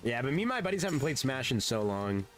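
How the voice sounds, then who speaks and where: A man's voice: medium pitch, big pitch swings, fast, soft background music. A man streaming a game and chatting casually, rambling and laid-back, often saying "dude" and swearing. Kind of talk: casual gaming stream chat.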